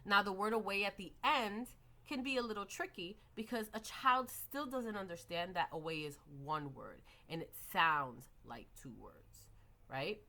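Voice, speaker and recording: Woman, young adult, teacher educator, methodical lesson, modeled classroom prompts, bright tone. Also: medium pitch, animated, a little slow. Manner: methodical, models child-directed prompts and clapping.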